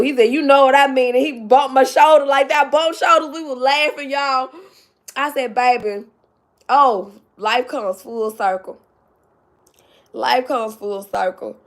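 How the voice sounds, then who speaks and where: Woman, slightly high voice, casual livestream chat, emphatic, teary with joy. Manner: emphatic, calls viewers "baby" and "y'all". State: tearful with joy. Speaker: YouTube vlogger.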